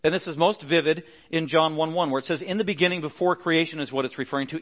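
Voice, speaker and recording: Middle-aged pastor guy preaching, earnest, kinda high-pitched voice, pushes louder on the big points. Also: quick pace. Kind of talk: sermon.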